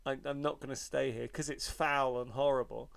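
A man's voice: medium pitch, fairly even intonation, normal speed, vocal fry, no room sound. A middle-aged man, a podcast co-host, telling stories in a wry, self-mocking way and swearing freely in casual chat.

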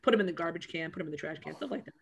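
A woman comedian in casual chat, joking and telling animated stories. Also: deep voice, vocal fry, slight background noise. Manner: rapid, joking, animated storytelling.

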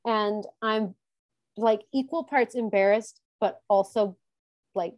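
A woman talks through a reality show episode with a friend, chatty and quick to laugh. Her voice sits mid-height and the sound is dry and close, with no room around it. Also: mid-range voice, no room sound. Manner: chatty, animated, laughs often. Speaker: co-host. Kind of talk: casual chat recapping a TV show.

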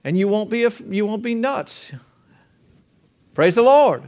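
A man's voice: high-pitched, lively intonation, unhurried, a little mellow. A man preaching a sermon as pastor, talking conversationally with rhetorical questions and leading the congregation in call-and-response.

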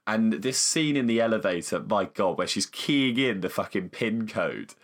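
A man with a lowish voice co-hosts a casual film chat. He laughs often, swears freely and tells scenes with lively energy. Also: moderate pace. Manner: laughing, swearing, animated retelling. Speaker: podcast co-host.

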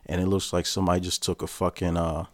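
A man's voice: low voice, flat delivery, fast talker, no echo. A man hosting his own podcast, talking bluntly and profanely in a casual ranting style. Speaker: podcast host. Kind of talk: casual solo podcast rant.

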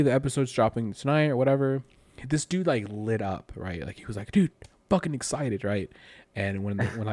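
A man's voice: medium pitch, no room sound. A young man co-hosting a podcast, telling a rambling story in casual chat with lots of fillers. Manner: animated, rambling with many fillers. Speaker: podcast co-host.

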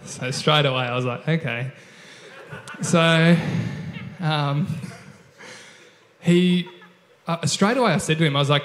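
A man's voice: on the high side, moderate pace. A man with an Australian accent, an online pastor, telling a church testimony in a chatty, amused way. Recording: echoey hall.

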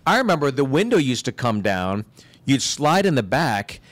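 A man's voice: mid-range voice, sing-song, moderate pace, fairly bright tone, no echo. A middle-aged man co-hosting a comedy podcast, telling wry jokes and stories. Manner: wry, joking storyteller. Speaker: podcast co-host. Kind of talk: casual comedic banter.

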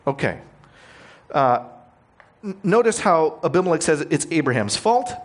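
A man's voice: a little high, lively intonation, normal speed. A male preacher working through a scripture passage in a conversational sermon. He explains it plainly and puts questions to his listeners.

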